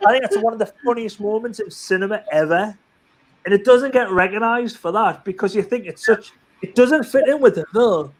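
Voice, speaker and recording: A man in casual group chat, telling film anecdotes in an animated way with frequent restarts. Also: high-pitched, a little fast. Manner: chatty, animated storyteller with many restarts. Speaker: live chat participant.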